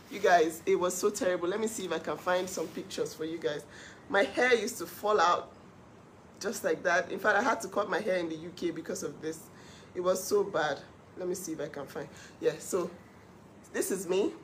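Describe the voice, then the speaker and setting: A middle-aged woman hosting her own live stream, telling her story with animated emphasis. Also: fairly low pitch, slight background noise. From Nigeria. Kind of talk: casual live-stream monologue.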